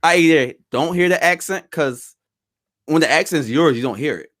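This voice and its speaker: A man co-hosting a podcast in casual banter. He explains his points in a thoughtful, measured way. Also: a little high, fairly bright tone. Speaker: podcast co-host.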